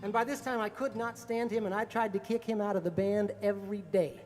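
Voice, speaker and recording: High-voiced man telling a story. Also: steady tone, fairly quick, a little mellow. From American South, Appalachia. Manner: casual, chuckling often, many filler words. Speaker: musician. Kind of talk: storytelling monologue. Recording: long reverb with faint music.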